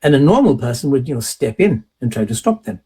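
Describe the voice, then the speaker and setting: Male host, husky and mellow, rhetorical commentary with a mocking, emphatic edge. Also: medium pitch, sing-song, fast talker. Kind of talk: opinionated commentary monologue.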